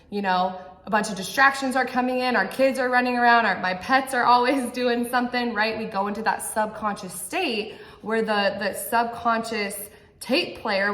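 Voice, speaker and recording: A woman's voice: fairly high pitch, a bit bright. Earnest woman coaching in an echoey room. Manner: earnest, coaching, keeps checking in with the viewer. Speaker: mindset coach. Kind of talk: motivational talk to camera.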